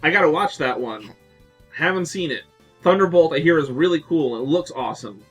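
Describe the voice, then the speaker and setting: Excitable chatty man, higher voice. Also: a little fast, slightly rough, soft background music. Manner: excited rambling with many fillers, acts out quotes. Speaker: podcast co-host. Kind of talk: casual chat.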